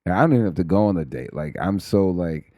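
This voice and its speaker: Man, comedian guest, very low and dark-toned, rambling and self-mocking, dry close sound. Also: animated, a little fast, no room sound. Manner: rambling, self-deprecating jokes. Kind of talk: casual chat.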